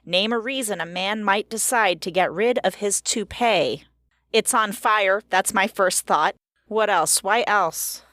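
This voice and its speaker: A woman's voice: medium pitch, measured pace, a bit bright, no room sound, studio quality. A woman co-hosting a casual podcast, chatting upbeat over a webcam call and running a game. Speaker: podcast co-host.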